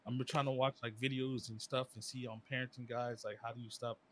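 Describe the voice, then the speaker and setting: A young man chatting casually as a podcast co-host, rambling through stories with slang and sudden animated bursts. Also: medium pitch, brisk. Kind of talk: casual chat.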